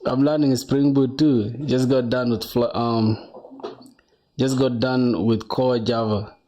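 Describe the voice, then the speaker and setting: A young man talks loosely to his livestream audience while he sets up to code. His voice is warm and dark rather than bright. He rambles, answers chat and drops a lot of "bro". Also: medium pitch, steady tone, slow. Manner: chatty, rambling, says bro a lot, reads chat aloud. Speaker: coding livestreamer.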